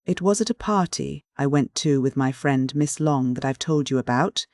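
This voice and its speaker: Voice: mid-range voice, slow, darkish tone, no room sound, clean studio sound. A reader voicing a young woman in love who speaks nervously and hesitantly.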